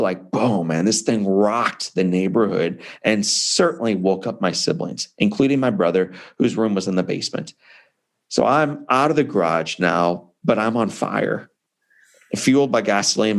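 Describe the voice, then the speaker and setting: A man's voice: on the low side, gravelly. A man in his forties, an author and speaker, telling his personal story in an interview with emphatic, conversational energy. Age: 40s.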